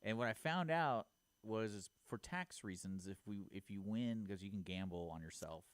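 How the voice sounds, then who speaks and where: A man's voice: on the low side, lively intonation, moderate pace, dry recording. A man co-hosting a community radio talk show, bantering and teasing in casual chat. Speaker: radio co-host.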